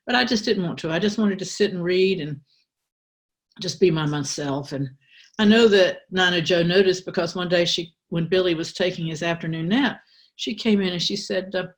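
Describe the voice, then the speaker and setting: An older woman telling a personal story aloud, in a wry, candid way with pauses and restarts. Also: lowish voice. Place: church.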